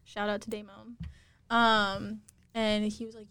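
A woman's voice: medium pitch, flat delivery, unhurried, sharp tone, clear, resonant tone. A young woman guest in a casual podcast interview, telling stories chattily with constant fillers, in a campus studio. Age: young adult.

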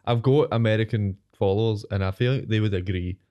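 A man's voice: lowish voice, fairly even intonation, brisk, highs cut off. A Scottish man co-hosting a podcast, chatting casually with hesitant, stumbling starts in a studio. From Scotland. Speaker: podcast co-host. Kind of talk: casual chat.

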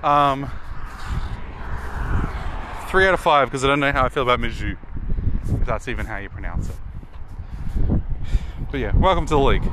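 Rating player names for a video, the young Australian creator rambles casually, pronouncing them out loud and poking fun at himself. His middle-pitched voice is expressive, with a moderate pace and frequent pauses, while traffic noise from the built-up outdoor spot carries behind him.

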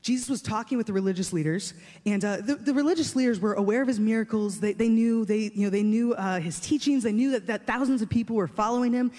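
A man's voice: high-pitched, fast, darkish tone. A man preaching a sermon in a conversational, emphatic way, often repeating his phrases for stress. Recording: long reverb of a large hall.

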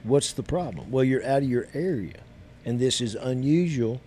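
A man's voice: medium pitch, lively intonation, moderate pace, warm tone, slight background noise. A man, a guest telling stories in an easygoing, rambling way. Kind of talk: casual storytelling chat.

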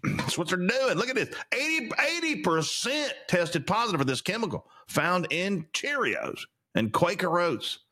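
A man's voice: sits high, very animated, normal speed, bright, forceful tone. A man hosting a solo podcast, ranting indignantly about the news with lots of stammered restarts. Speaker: podcast host. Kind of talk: opinionated solo commentary.

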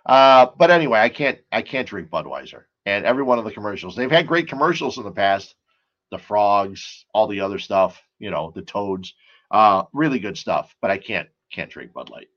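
A man's voice: on the low side, expressive, fairly quick, fairly bright tone, lo-fi sound. A man hosting a casual sports and beer talk show, rambling and chatty, full of asides and stories.

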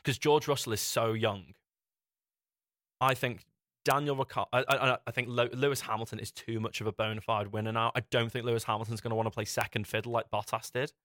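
A man's voice: mid-range voice, fairly even intonation, fairly quick, fairly bright tone, no echo, clean studio sound. Rambling young man hosting. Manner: rambling, restarts sentences often. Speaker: podcast host. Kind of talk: casual chat.

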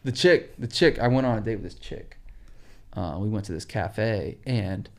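Young man, podcast guest, profane and animated storyteller. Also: lowish voice, moderate pace. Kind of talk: casual chat.

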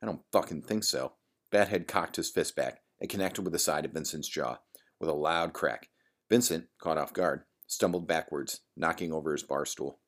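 Very deep-voiced male audiobook narrator. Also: moderate pace.

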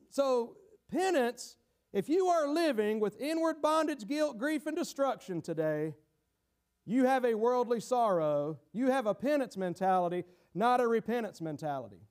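A very high-pitched man delivers a dramatic sermon, voicing a guilty sinner and occasionally shouting to make his point.

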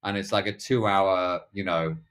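A man's voice: low-pitched, fairly even intonation, moderate pace, a bit bright. A middle-aged man talking as a podcast guest, rambling with many restarts and fillers. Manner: acts out other people's lines in quoted voices. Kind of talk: casual conversational interview.

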